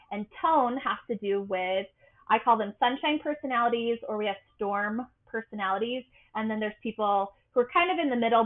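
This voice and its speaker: Bubbly woman coach over a tinny line. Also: a little high. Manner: bright, bubbly sing-song delivery. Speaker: boundary life coach. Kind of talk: podcast interview guest.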